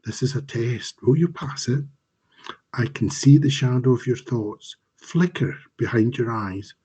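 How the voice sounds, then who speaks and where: A man, the author, reading his dark fantasy fiction aloud in a slow, measured, dramatic way, over a home mic on a live stream. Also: medium pitch, breathy edge.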